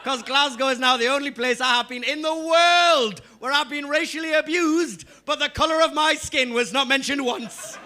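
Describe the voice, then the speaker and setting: A man's voice: very high-pitched, fairly even intonation, moderate pace, few pauses, pushed and bright. A young Englishman with a Geordie accent doing a live stand-up set. He chats straight to the audience and punches up his lines. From England. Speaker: stand-up comedian.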